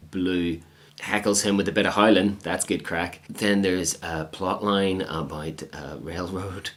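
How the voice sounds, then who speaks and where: A young man giving a comedic film review, sardonic and sweary, with deadpan asides. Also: low voice.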